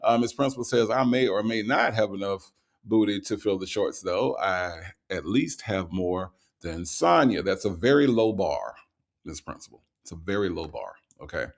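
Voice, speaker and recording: A man hosting a livestream, reading out viewer comments and greeting each viewer in a relaxed, casual way with lots of ums, a little tired from the night before. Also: lowish voice, vocal fry. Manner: relaxed, greets viewers with repeated hellos, frequent ums and uhs.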